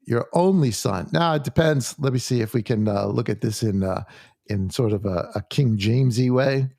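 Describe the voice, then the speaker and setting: A man leading a conversational Bible study in a church, halting and full of restarts as he reads scripture aloud. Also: medium pitch, gravelly, darkish tone, no echo, studio quality. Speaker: Bible teacher.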